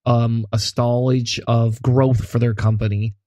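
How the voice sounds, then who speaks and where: A man's voice: medium pitch, level tone, measured pace, dark tone, dry recording, studio quality. A man co-hosting a podcast, chatting in an easygoing way with lots of asides. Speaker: podcast co-host. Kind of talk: casual chat.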